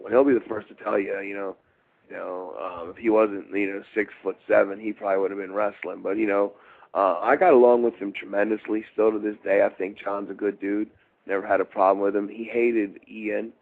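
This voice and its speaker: Middle-aged guy from baltimore, low gravelly voice, rambly, lots of you know, sounds like a phone line. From Baltimore, USA. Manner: meandering, full of fillers and restarts. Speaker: interview guest, former wrestler. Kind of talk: rambling shoot interview storytelling.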